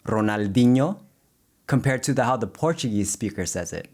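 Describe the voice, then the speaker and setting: A man teaching language pronunciation, speaking slowly and carefully and modeling single words clearly. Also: mid-range voice, animated, a little mellow. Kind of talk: explaining pronunciation to the camera.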